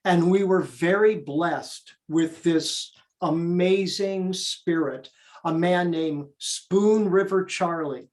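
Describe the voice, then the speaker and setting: An older man who has spent decades directing plays shares his memories as an interview guest. He talks slowly and with plenty of eager energy. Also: high-pitched. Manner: eager, animated storyteller. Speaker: theater director and performer.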